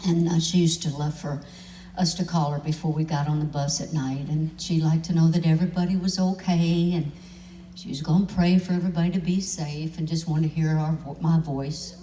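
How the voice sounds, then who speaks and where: A woman's voice: low voice, steady tone, fairly quick, dark tone, far from the mic, slight background noise. A woman country singer telling a story on a live stage, chatty and self-mocking. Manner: chatty, self-mocking, laughs as she tells it. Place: large convention hall stage. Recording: echoey live hall, from afar.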